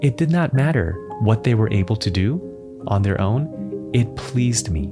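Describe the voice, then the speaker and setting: A man in his thirties co-hosting a podcast, telling a family anecdote in a relaxed chatty way, chuckling and putting on playful voices for his children. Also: fairly low pitch, a little slow, music in the background. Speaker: podcast co-host. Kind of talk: casual podcast storytelling.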